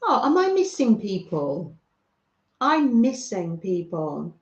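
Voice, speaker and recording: A woman's voice: mid-range voice, sing-song, slow, roomy sound, dull audio. A British woman hosting a casual craft livestream, chatting and reading out viewer comments with frequent laughs.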